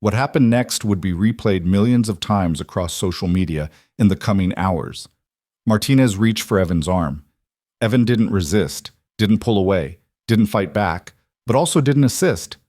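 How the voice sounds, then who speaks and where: A man reading a scripted dramatic story in a measured, even delivery. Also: on the low side, dry recording, clean studio sound.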